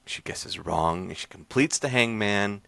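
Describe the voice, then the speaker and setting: Podcast host, male, very low gravelly voice with a bright edge; laid-back, rambling recap style. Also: unhurried, dry recording. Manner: rambling, loose, with many fillers and restarts. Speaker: podcast host reviewing horror short films. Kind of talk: casual chat, recapping a short film.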